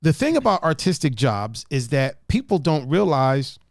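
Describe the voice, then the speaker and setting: A man hosting a podcast in casual chat, animated and profane, laughing often. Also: a little high, moderate pace, gravelly, no room sound, clean studio sound. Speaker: podcast host.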